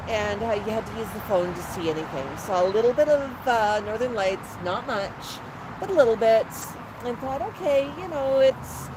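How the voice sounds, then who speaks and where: A woman host telling a rambling story casually on a phone live stream from an outdoor patio, with plenty of fillers. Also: a little high. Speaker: pet parrot channel host. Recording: noisy outdoor phone recording.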